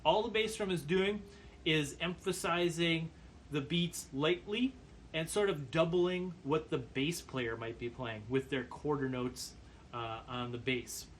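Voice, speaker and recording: A man giving a percussion lesson, calmly explaining brush patterns and counting beats aloud. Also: on the high side, slight background noise. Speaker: percussion teacher. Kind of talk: instructional demonstration.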